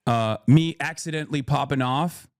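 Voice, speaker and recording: A man's voice: medium pitch, moderate pace, dry recording. Man streaming casually to chat, dry sound. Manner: talks back to chat, swings between joking and earnest explaining; frequent restarts and filler while thinking aloud. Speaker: livestream host. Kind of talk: casual live-stream commentary.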